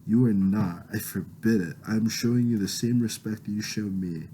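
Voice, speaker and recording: A furious young woman in a storybook reading, hurling curses and accusations in a raised, strained voice, as a man reading aloud puts her on. Her voice stays fairly low and dark under all the shouting. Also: moderate pace, a little hiss or hum, close to an everyday voice, rough recording. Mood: commanding.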